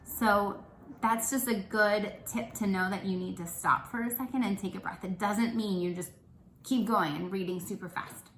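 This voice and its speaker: A woman's voice: mid-range voice, fairly even intonation, normal speed, slight background noise. Woman teacher, kind and encouraging with young kids, recorded in a room with echo. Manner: encouraging, checks in with frequent "okay?". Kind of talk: classroom lesson for children.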